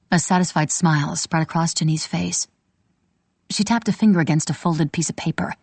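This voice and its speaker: A woman reading a historical novel aloud as an audiobook narrator, steady and measured. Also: lowish voice, slightly rough, no echo.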